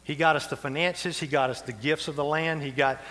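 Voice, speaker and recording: This sermon comes from a man whose voice is fairly high, a bit bright, fairly even in intonation, and slightly quick. Preaching as pastor in a church sanctuary, he keeps it folksy and chatty with chuckles and side remarks, all ringing in the hall's long echo.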